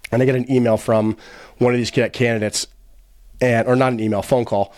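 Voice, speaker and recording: Recorded with clean studio sound and no room sound, this American podcast guest speaks briskly in a medium-pitched, darkish voice with a level tone. He tells his story in a casual interview, bluntly and with swearing, retelling events by quoting others.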